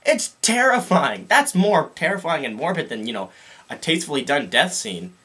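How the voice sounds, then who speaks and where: Animated, husky-voiced young man ranting. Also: a little high, normal speed. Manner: sarcastic, animated, jumps into funny voices. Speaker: vlogger. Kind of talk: comic rant to camera.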